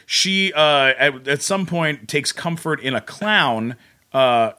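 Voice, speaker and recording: A man, a podcast guest in casual chat, retelling something with animated, incredulous energy and quick asides. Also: on the high side.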